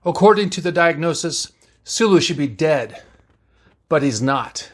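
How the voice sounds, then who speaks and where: A man voicing a gruff, blunt male ship doctor who barks orders in a read-aloud story. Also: fairly high pitch, animated, unhurried. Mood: brusque. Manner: brusque, barking orders.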